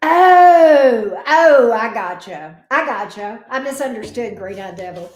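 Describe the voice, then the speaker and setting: A woman's voice: mid-range voice, animated, moderate pace. A woman hosting a casual livestream. She greets viewers by name and coos affectionately over her dog. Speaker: tarot reader hosting a livestream. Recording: roomy echo.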